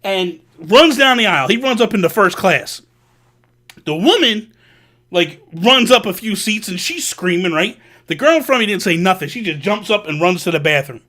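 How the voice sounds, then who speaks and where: A man hosting a vlog, telling a personal story in an animated, casual way with slang. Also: high-pitched, moderate pace. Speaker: vlog host. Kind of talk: storytelling to camera.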